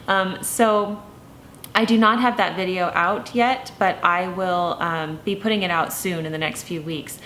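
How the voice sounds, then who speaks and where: A woman in her thirties talking casually to camera as a lifestyle vlogger, gentle and chatty with many ums and you-knows. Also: fairly low pitch, a little hiss or hum. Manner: tearful, emotional, laughing through tears.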